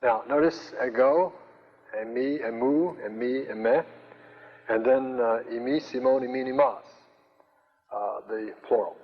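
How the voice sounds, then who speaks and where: An older man teaching a Greek class, speaking slowly with many fillers and restarts. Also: mid-range voice. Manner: slow, hesitant, many fillers. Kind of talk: classroom lecture. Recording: dull, roomy lecture recording.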